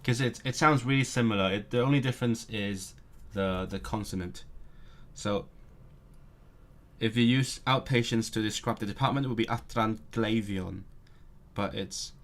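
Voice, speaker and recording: On a casual live stream, a man studies a language out loud, sounding out words and correcting himself as he thinks. His voice is on the low side and moves at a normal speed.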